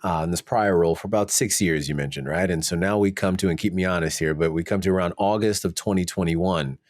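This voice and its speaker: A man hosts a conversational interview, affirming what his guest says and recapping it before his next question. His voice is very deep. The sound is dry, with no room echo. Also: fast. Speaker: podcast host.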